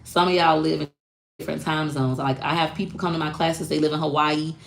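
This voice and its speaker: A woman with a low, gravelly voice full of vocal fry speaks bluntly and animatedly to her viewers. She sounds outspoken and unfiltered, talking off the cuff in a casual livestream. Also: little pitch movement, a little fast. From Florida. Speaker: online social media course teacher.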